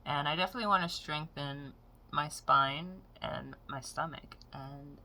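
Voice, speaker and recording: Woman, late twenties, lower voice with a bright, sharp edge, swearing freely through a casual vlog rant. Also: measured pace, slight background noise. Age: 20s. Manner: frank, profane, exasperated storytelling. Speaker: vlogger.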